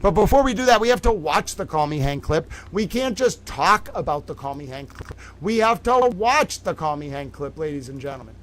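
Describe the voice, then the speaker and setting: A man's voice: fairly high pitch, big pitch swings, a little fast, fairly bright tone, a little hiss or hum, low-quality recording. A man hosting a livestream in a playful, theatrical showman manner, chatting to viewers. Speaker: livestream host. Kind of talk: animated livestream chat.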